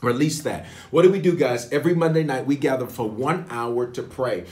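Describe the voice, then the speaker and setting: Lively pastor hosting a livestream. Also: male voice, mid-range voice, brisk. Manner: lively, call-and-response greetings to viewers. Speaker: pastor leading online prayer.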